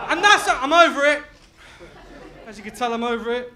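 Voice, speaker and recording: A young man from Leicester works a live comedy crowd with loud, crude banter, laughing through his lines. His voice sits very high for a man and rings bright and sharp. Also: animated, moderate pace, long pauses. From Leicester, England. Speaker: stand-up comedian. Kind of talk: live stand-up set.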